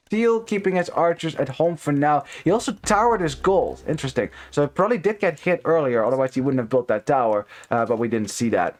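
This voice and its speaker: A man casting a strategy game live, chatty with many fillers, greeting chat viewers between plays. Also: a little high. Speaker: esports caster.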